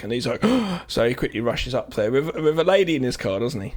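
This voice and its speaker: This podcast co-host recaps a film in casual chat, animatedly acting out the characters' lines as he goes. His voice sits at medium pitch and moves a little fast.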